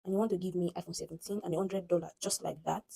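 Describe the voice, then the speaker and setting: A woman with a Nigerian accent tells a story casually to her phone camera, animated and dramatic, acting out the voices she quotes. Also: fairly low pitch, very fast, creaky, breathy edge, rough recording. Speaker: vlogger.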